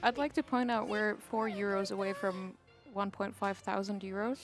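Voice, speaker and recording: A woman's voice: mid-range voice, steady tone, moderate pace, music in the background. A woman reading charity donations aloud in an upbeat tone. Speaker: donation reader.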